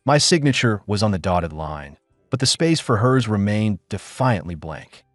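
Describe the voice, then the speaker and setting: A man with a lowish voice narrates a first-person audiobook drama, weary and bitter. His delivery rises and falls expressively, recorded dry and close with faint music underneath. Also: sing-song, moderate pace, dry recording.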